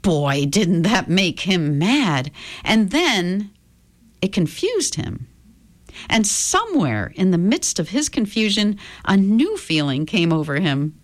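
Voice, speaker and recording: Woman reading a kids story, low voice, slow and bouncy. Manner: expressive, lively intonation. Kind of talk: reading a children's story aloud.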